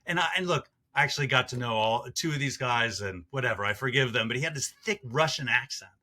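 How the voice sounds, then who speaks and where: Sharp-voiced man recounting thoughtfully. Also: medium pitch, expressive. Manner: halting, reflective, many fillers. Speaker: podcast guest. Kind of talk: casual interview talk.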